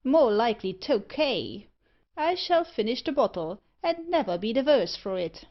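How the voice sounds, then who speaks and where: A woman's voice: fairly high pitch, big pitch swings, normal speed, voice pushed up. A woman voicing a cheerful, greedy male dog thief who speaks in breezy dialect in a storybook reading. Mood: jovial. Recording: muffled lo-fi audiobook recording.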